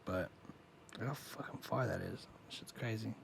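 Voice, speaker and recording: A man's voice: lowish voice, normal speed, creaky, slight background noise. Male co-host, casual chat, enthusiastic and profane. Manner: excited, swearing, nerding out. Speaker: podcast co-host.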